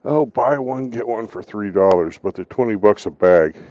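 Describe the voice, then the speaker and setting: A man's voice: fairly low pitch, moderate pace, warm tone, dry recording, lo-fi sound. A man in casual chat, joking bluntly and swearing freely.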